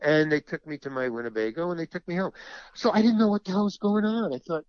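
A man's voice: a little high, quick pace, dry recording, highs cut off. A man who is an actor and stand-up comedian, telling an anecdote in an interview and acting out other people's lines.

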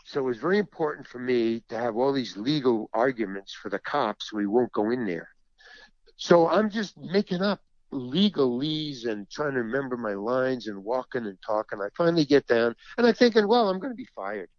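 A man's voice: mid-range voice, sing-song, normal speed, dry recording, lo-fi sound. A man who is an actor and stand-up comedian, telling an anecdote in an interview and acting out other people's lines.

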